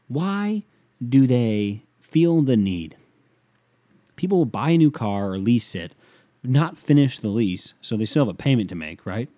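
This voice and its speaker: A young man hosting a solo podcast, rambling casually, swearing often and mumbling asides in a deadpan way. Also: mid-range voice, no room sound. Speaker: podcast host.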